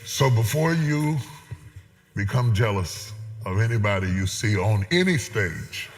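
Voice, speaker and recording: Dramatic preacher in a big hall. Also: male voice, lowish voice, big pitch swings, unhurried. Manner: dramatic swings from loud preaching to hushed intimacy; call-and-response with a responder. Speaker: bishop preaching as guest. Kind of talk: sermon. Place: large church auditorium. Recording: long reverb of a large hall.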